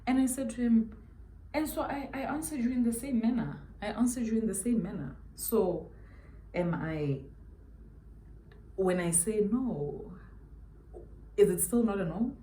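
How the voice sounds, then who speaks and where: A woman's voice: medium pitch, a little slow, pauses often, warm tone, echoey room, a little hiss or hum. A South African woman telling a story while doing her makeup, emphatic and chatty, repeating her points for weight. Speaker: beauty YouTuber.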